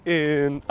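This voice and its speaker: A Spanish-speaking man hosting a live tour stream outdoors, chatting casually, laughing often and reading viewer comments aloud. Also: on the high side. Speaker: travel vlogger, live-stream host. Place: outdoors at a hilltop historic site. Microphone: phone on a gimbal with a wireless mic.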